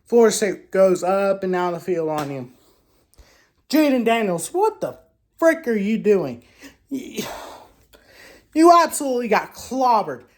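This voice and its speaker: A woman hosting a casual sports commentary vlog. She trash-talks in an animated way, with loud exclamations, rhetorical questions and frequent restarts. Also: medium pitch, measured pace, pauses often. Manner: frequent restarts and self-corrections. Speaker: sports show host.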